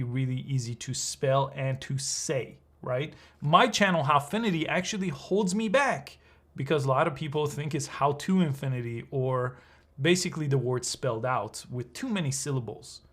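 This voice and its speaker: A man's voice: mid-range voice, a bit bright. A young man hosting a tutorial channel, explaining step by step in an upbeat, conversational way and often checking in with "right?". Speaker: channel host. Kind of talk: screen-recorded tutorial.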